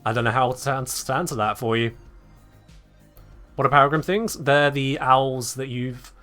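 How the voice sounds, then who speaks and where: A man's voice: medium pitch, moderate pace, pushed and bright, soft background music. A man from England with an English accent, chatting casually and wryly to his live-stream chat. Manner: chatty, wry, talking to chat. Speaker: game streamer.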